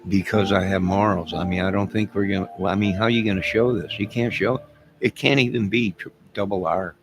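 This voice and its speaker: A man's voice: fairly low pitch, fairly even intonation, fairly quick, over music. A man talking to his camera in a rambling casual monologue, telling a story with asides and chuckles. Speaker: vlogger.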